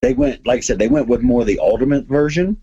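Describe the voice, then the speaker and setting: A man's voice: mid-range voice, expressive, fast talker, dark tone, breathy edge, muffled recording. A man hosting a podcast, chatting casually and rambling enthusiastically about comics and movies. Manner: rambling, enthusiastic, many restarts. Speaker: podcast host.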